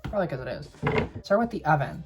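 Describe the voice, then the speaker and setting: A man's voice: a little high, sing-song, fast, music in the background. A young man in drag telling a spooky story to camera in a sassy, profane, dramatic way.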